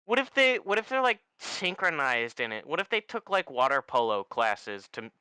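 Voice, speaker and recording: A young man playing a tabletop game over voice chat, joking and animated. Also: mid-range voice, normal speed, clear, resonant tone, no echo. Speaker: player.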